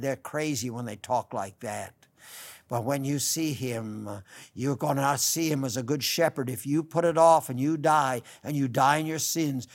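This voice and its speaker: Older fervent radio preacher, slightly high. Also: male voice. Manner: fervent, pleading, swings between loud emphasis and soft earnest tones; quotes scripture in old-fashioned phrasing. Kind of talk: radio sermon.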